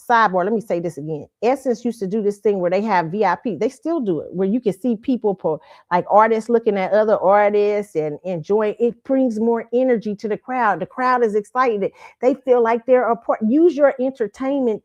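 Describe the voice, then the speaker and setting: A woman's voice: on the high side, darkish tone. A woman host giving a blunt, profane and mocking opinion rant. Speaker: show host. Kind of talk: ranting opinion commentary. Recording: slightly dull lo-fi audio.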